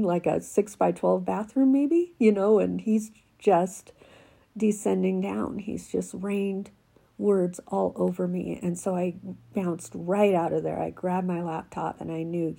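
Crackly, husky-voiced woman sharing devotions. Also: on the low side. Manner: heartfelt, halting, drifting into soft whispers. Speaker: devotional writer. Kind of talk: reading a devotional, then personal reflection.

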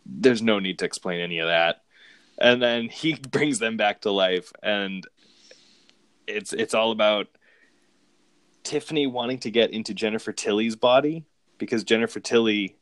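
Guy w a low voice rambling thru movie plots, amused, dry close mic. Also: no echo. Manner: rambling, amused, with frequent restarts and laughs. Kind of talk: casual chat recapping movies.

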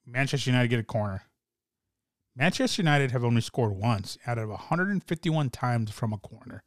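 A young man talking in a rambling, excitable way with many fillers and restarts, as in casual chat. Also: mid-range voice, no echo, clean studio sound. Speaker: soccer fan podcaster.

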